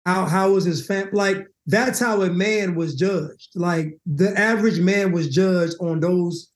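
A man in casual conversation, telling stories and acting out quotes with lively energy. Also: high voice, a little slow. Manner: animated storyteller, acts out quotes. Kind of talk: casual chat. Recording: roomy echo.

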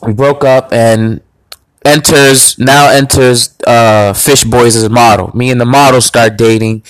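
A man's voice: mid-range voice, steady tone, unhurried, no echo, low-quality recording. A man hosting a podcast, telling a personal story in a blunt, crude, boastful way. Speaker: podcast host. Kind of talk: casual storytelling monologue.

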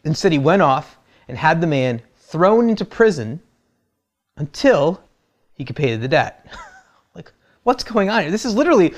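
A man's voice: a little high, sing-song, normal speed, long pauses. A man preaching a sermon, who retells the story in a casual, humorous way. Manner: conversational and humorous, acts out quotes. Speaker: pastor.

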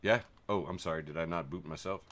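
A man's voice: low-pitched, quick pace. A man co-hosting a casual chat, reading posts aloud and joking. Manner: joking, lively. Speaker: podcast co-host.

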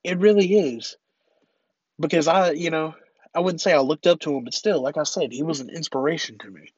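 A stuffy-nosed young man hosts his own casual podcast, rambling and stumbling over his words as he talks, with some cussing. His voice sits a touch high for a man. The recording is dry and a little dull. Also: brisk, breathy edge, no echo. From North Carolina. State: congested, stuffy nose. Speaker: podcast host. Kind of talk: casual solo commentary.

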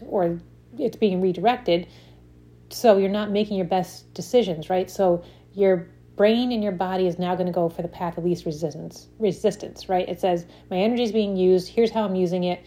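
Her voice is lowish and mellow as she talks casually about stress and habits. She keeps asking "right?", leans on examples, and frequently starts her sentences over.

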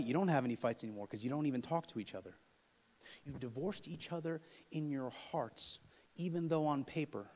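A man preaching a sermon with humor, swinging from loud emphatic passages to quiet asides and acting out couples' quarrels. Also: mid-range voice, brisk. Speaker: pastor. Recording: long hall reverb.

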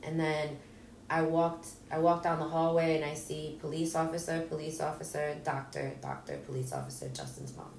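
An animated woman with a low, darkish voice and moderate pace tells an emotional personal story as an interview guest, raw and blunt, swearing and performing what people said. The recording, made on a distant mic, has roomy echo, faint ambience and slight background noise.

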